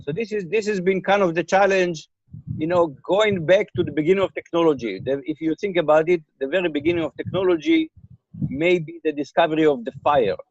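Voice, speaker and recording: An older man answers interview questions with slightly raised pitch, pausing to repeat words and check that he is followed. His voice comes over a remote call that sounds dry and a little dull. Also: expressive, no echo. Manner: thoughtful, repeats words, checks in with "okay?" and "right?". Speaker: interviewee, computer scientist.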